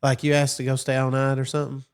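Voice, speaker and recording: A man with a drawl chats casually on a podcast. He tells family stories in a loose, rambling way, full of filler words. His voice sits at an ordinary middle pitch. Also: monotone, fast talker, clean tone. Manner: laid-back storytelling, drawled filler words. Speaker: podcast co-host. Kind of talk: casual chat.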